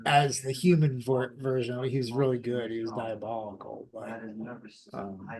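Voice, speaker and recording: A man's voice: mid-range voice, steady tone, normal speed, darkish tone. A man co-hosting a casual podcast, mostly giving short replies and groping for a name. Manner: brief agreeing replies, searching for words. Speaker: podcast co-host. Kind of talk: casual chat.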